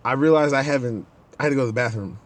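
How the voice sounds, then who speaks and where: A man's voice: medium pitch, racing. A man hosting a podcast, telling a casual story and acting out the people in it. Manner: animated, acts out the people in his stories. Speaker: podcast host.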